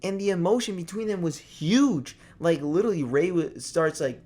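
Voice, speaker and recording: A young man giving a casual movie review, excited and profane, rambling with lots of restarts. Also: high voice, normal speed.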